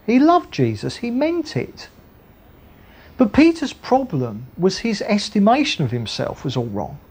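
A man preaching a Bible sermon, acting out the voices of the figures he quotes in a lively way. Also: high-pitched, measured pace, husky. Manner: animated, acts out the voices of biblical figures.

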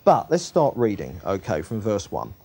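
A woman's voice: extremely low pitch, wildly swooping pitch, normal speed, warm tone, husky. A woman teaching the Bible in a chatty, colloquial way, reading verses and checking in with tag questions.

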